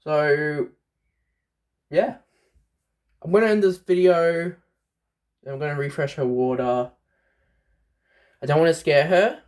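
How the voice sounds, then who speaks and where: A man's voice: a little high, slow pace, long pauses, darkish tone. A young Australian man showing his pet snake in a casual vlog, chatty and rambling, talking to his pets. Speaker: pet vlogger.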